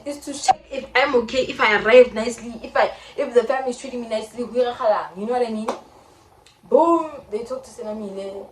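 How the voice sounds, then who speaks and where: A woman's voice: mid-range voice, distant mic. South african girl in her 20s telling a dramatic story, echoey room. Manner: animated, dramatic retelling with quoted voices. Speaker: vlogger. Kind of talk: casual storytime. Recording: echoey room, faint background noise.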